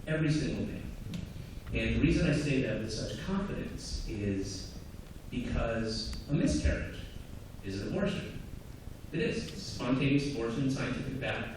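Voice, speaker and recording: A man's voice: mid-range voice, very animated, unhurried, long pauses, distant mic. Sardonic man on a theatre stage. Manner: sardonic, conversational, with exaggerated acted-out asides. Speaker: stand-up comedian. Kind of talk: live stand-up comedy. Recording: echoey live theatre recording from afar, audience noise. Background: audience laughter.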